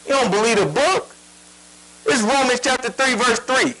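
Male preacher, emphatic, rhetorical questions, high pitch, bright tone. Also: moderate pace, low-quality recording. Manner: emphatic, asks rhetorical questions, prods the reader. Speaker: Bible teacher. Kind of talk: sermon.

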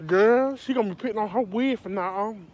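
A vlogger with a medium-pitched voice talks a little fast into her phone while standing in the rain, chatting bluntly and cursing without restraint. Loud rainfall crowds the phone's microphone.

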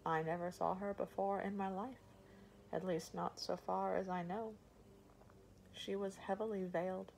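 A woman reading the part of a calm, formal older male harbor master in an audiobook. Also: mid-range voice, gravelly, a little hiss or hum, rough recording. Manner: measured and formal, addressing a lord.

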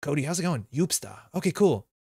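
A man's voice: medium pitch, animated, brisk, no echo. Chatty man with a very dry close sound. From North America. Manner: rambling, chatty, with frequent fillers and self-corrections. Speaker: streamer playing a card game live. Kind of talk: casual live-stream chat reading viewer comments.

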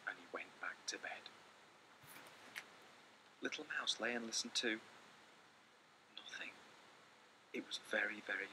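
A man reading a children's picture book aloud with lots of expression, often dropping into hushed whispers. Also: lowish voice, slight background noise, low-quality recording. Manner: theatrical, slipping into hushed whispers. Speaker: storyteller.

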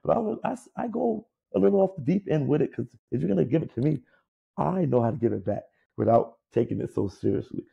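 A man co-hosting a casual sports podcast, ranting in a profane, animated way. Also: medium pitch, fast, creaky, breathy edge, lo-fi sound. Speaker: podcast co-host.

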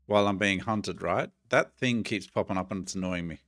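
A man's voice: low voice, fairly quick, fairly bright tone. A middle-aged man with an Australian accent gives chatty, jumpy commentary while playing a horror game and talks to his viewers. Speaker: gaming YouTuber.

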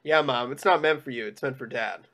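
A cheeky teenage son , read by a man, tossing out flip, mocking remarks in a mid-pitched voice. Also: a little fast, fairly bright tone, natural voice.

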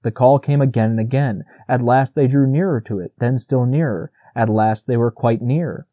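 A man narrating a classic children's novel as an audiobook, steady and even. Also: medium pitch, moderate pace, dry recording. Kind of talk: scripted narration.

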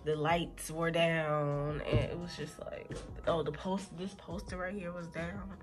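A woman's voice: deep voice, steady tone, measured pace, music in the background. A young woman, rambling in a laid-back way as she vlogs from her classroom. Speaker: vlogger and teacher. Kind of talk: casual chat.

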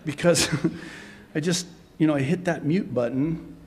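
A man preaching a sermon in an animated way, dropping to a whisper for dramatic effect. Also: a little high, unhurried, in a large hall. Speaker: pastor.

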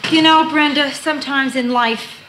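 A high-voiced, nervous young wife who cracks jokes at her own expense. She rattles along, quick-witted and self-mocking, in a 1970s TV sitcom. Studio audience laughter rolls in behind her. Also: a bit bright, slight background noise. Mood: rattled. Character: anxious, wisecracking young married woman. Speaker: title character, wife.

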